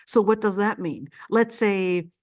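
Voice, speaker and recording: A woman teaching a Quran commentary lesson, explaining slowly and often repeating words with fillers. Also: mid-range voice, fairly even intonation, a little mellow. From Palestinian family. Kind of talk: classroom lecture.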